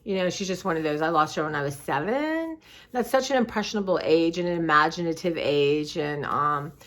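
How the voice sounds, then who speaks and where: A woman's voice: sits low, lively intonation, fairly quick, fairly bright tone. A middle-aged woman vlogging in a casual, rambling way, reflective and heartfelt, tired and close to tears. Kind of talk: casual personal vlog chat.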